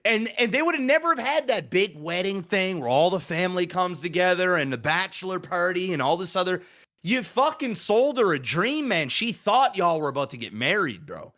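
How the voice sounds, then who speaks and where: Bright, high-voiced, animated podcast man. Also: moderate pace. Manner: animated, profane, acts out reactions. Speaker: podcast co-host. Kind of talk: casual podcast chat.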